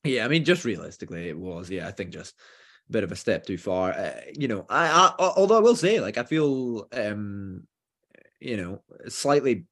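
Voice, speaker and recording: A man's voice: lowish voice, big pitch swings, moderate pace, fairly bright tone. A man hosting a casual sports chat, hesitant and rambling with many fillers. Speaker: podcast host.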